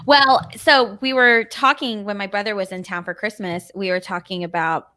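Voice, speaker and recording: A woman's voice: mid-range voice, fairly even intonation, normal speed, sharp tone. A woman in her thirties co-hosting a podcast, chatting casually, teasing and laughing often. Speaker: podcast co-host. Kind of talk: casual chat.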